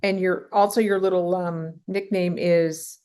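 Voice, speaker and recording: A woman's voice: lowish voice, steady tone, unhurried, warm tone, clear, resonant tone. A woman hosts a podcast interview. She is chatty and enthusiastic, steering her guest with easy, casual questions. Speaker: podcast host.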